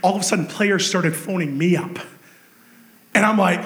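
A man with a high voice preaches in an echoey church hall. He tells his story with animated energy, swinging between excited shouts and hushed, intense stretches. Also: moderate pace, long pauses. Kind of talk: sermon.

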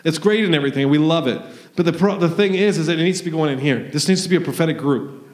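A man's voice: fairly high pitch, rapid-fire, roomy sound. A man preaching and praying prophetically in a church service, fervent and rambling, acting out quoted voices. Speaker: pastor. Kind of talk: sermon with prophetic prayer. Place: church hall.

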